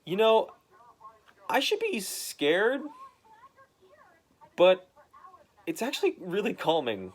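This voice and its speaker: A man's voice: high voice, huge pitch swings, slow pace, pauses often, voice pushed up, heavily acted. A man voicing an older male reporter who speaks hesitantly and stammers. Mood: reflective. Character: older male newspaper reporter, shaken but calm.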